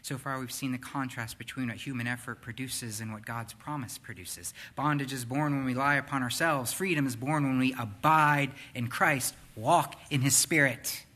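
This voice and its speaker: Bright-voiced preacher with dramatic swings. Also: male voice, mid-range voice, normal speed, hardly any pauses. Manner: dramatic, swings from loud to hushed. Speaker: pastor. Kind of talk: sermon.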